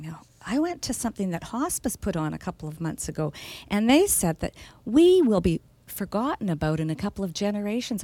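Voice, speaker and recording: Warm woman author on a talk show. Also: mid-range voice, no echo. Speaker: author guest. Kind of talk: casual TV interview.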